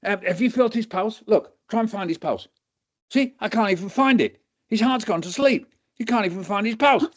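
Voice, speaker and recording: A man putting on a booming excited old doctor. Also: normal speed. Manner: booming, theatrical, lecturing students. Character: excitable older male hospital consultant. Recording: dull lo-fi audio.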